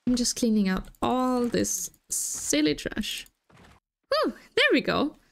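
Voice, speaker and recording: A young woman casually talking through a farming video game, chatty, giggling and easily excited. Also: a little high, takes it slowly, gravelly. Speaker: gaming channel host. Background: faint game music.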